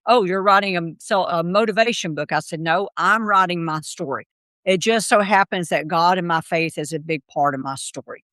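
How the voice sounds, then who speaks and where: A middle-aged woman appears as a podcast guest, recounting her story in an interview and acting out the voices of the people in it. She's an animated storyteller with a lowish voice, recorded with no echo.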